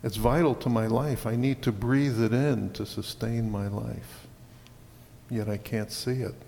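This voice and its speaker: Slow-speaking male pastor preaching. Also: mid-range voice, steady tone, gravelly, mellow, in a large hall, slight background noise. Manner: slow and deliberate, stirring bursts on key words. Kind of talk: sermon.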